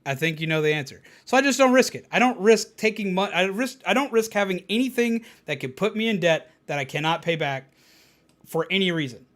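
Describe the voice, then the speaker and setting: A woman streamer chatting casually on a live stream, telling stories in an animated, profane way. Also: lowish voice, brisk.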